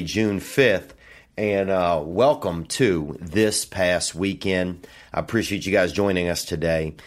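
A man hosting a solo podcast from a hotel room, rambling and meandering through his thoughts with frequent fillers and casual profanity. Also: low-pitched. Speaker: podcast host.

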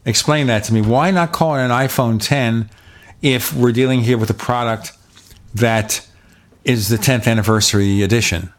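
A man's voice: mid-range voice, normal speed. A man hosting a tech talk show, prodding his guest with questions. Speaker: podcast host.

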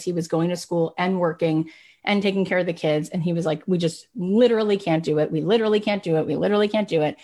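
A middle-aged woman hosting a podcast, giving a motivational talk and telling stories with lively, acted-out quotes. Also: medium pitch. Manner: animated storyteller, acts out quoted voices. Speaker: podcast host.

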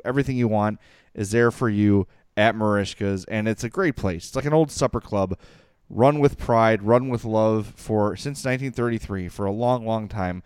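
A man co-hosting a sports podcast, talking in an animated, excitable way in casual chat. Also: lowish voice, clean tone, dry recording, studio quality. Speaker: podcast co-host.

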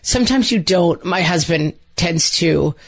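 Lowish in pitch but lively in intonation, a middle-aged woman co-hosting a podcast talks in an unhurried, chatty way. She drops plenty of "like" fillers and acts out quoted lines during the casual conversation.

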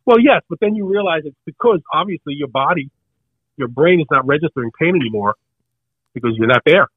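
Fast-talking older man telling a story. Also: on the high side, husky, dry recording, phone-quality sound. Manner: animated, acts out the other people in his story. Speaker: podcast co-host telling a story. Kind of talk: casual storytelling.

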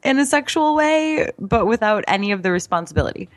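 A woman guest in a candid, casual conversation, frank and quick-witted with laughing asides. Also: mid-range voice, lively intonation. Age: adult.

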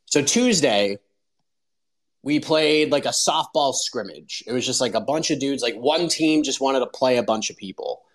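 A man's voice: medium pitch, moderate pace, poor audio. A man in his forties hosting a show, telling stories in casual commentary with lots of "like" and fillers. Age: 40s. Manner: animated storyteller, lots of fillers. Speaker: host.

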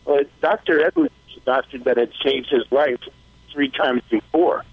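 A man's voice: medium pitch, steady tone, moderate pace, gravelly, phone-quality sound. A male caller to a radio show, telling an emotional story with many halts and restarts. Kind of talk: phone call telling a story.

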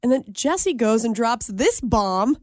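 A young woman co-hosting a radio show, telling a story in an animated way and laughing often. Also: a little high, slow pace, dry recording, studio quality. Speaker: radio co-host. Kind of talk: casual radio chat.

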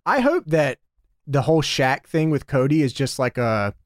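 A man co-hosting a podcast, chatting casually and excitably with lots of swearing. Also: medium pitch, moderate pace, no room sound, clean studio sound. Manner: excitable, profane, mimics wrestlers' voices. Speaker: podcast co-host. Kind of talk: casual chat about wrestling.

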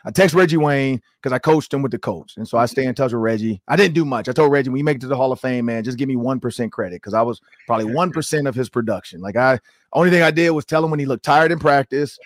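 A man hosting a sports talk show tells long stories in a loose, animated way, full of "like" and quoted dialogue. His voice sits at a middle pitch and sounds close and dry on a studio mic. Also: no echo. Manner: animated storytelling with many "like"s. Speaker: show host and former coach.

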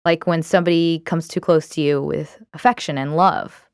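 A woman's voice: sits low, steady tone, normal speed, a little mellow, clear, resonant tone, no room sound, studio quality. A woman giving casual, candid self-help advice on emotions, talking conversationally with frequent fillers.

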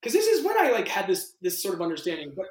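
A male actor telling audition stories in a casual interview, animated and full of "like". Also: sits high. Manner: animated, fast-shifting, heavy use of "like". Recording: roomy echo.

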